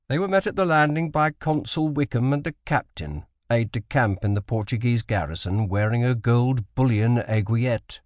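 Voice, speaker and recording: A male audiobook narrator with a mid-pitched voice, telling the story in a measured, even way. The recording is dry and close, with no room echo.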